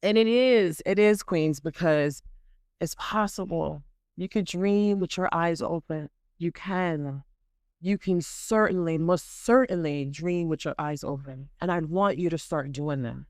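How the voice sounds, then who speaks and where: Woman, podcast host, motivational monologue, emphatic, repetitive, alternates excited bursts with soft asides, close mic, dry sound. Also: lowish voice, unhurried, smooth, dry recording. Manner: emphatic and repetitive, calls listeners queens and y'all; animated, swings between excited bursts and soft intimate asides. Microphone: close studio microphone.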